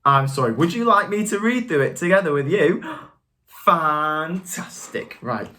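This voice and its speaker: A woman teacher who reads a picture book aloud to young children, asking coaxing questions and praising answers warmly. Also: lowish voice, sing-song, fairly quick.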